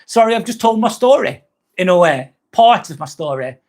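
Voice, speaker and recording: A man with a fairly high-pitched voice talks bluntly on a live stream, swearing freely as he rambles. He sounds confessional and reads viewer comments aloud between his own stories. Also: lively intonation, moderate pace, a little mellow. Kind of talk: candid live-stream chat.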